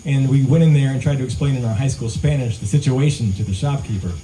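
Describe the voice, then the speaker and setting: A male singer-songwriter telling a relaxed, conversational story between songs at a live outdoor show, into a stage mic. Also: medium pitch, fast, a little hiss or hum, poor audio. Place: live music venue, outdoors among pines.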